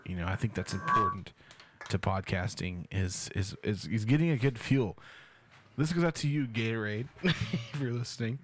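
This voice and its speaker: A man's voice: lowish voice, normal speed, noisy background. A man hosting a casual podcast, joking crudely and laughing often between lines. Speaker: podcast host.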